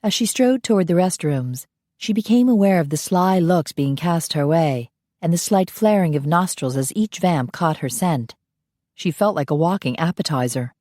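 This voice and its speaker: A woman with a notably low voice reads the audiobook narration in an even, measured way. The recording is dry and close, with no room sound. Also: no echo. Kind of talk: scripted narration.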